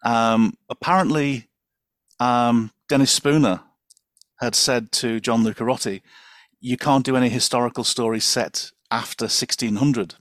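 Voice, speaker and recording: Male podcast guest, self-deprecating and chatty, medium pitch. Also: steady tone, a little slow, fairly bright tone, dry recording, studio quality. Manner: wry, rambling, self-deprecating. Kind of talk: casual podcast chat.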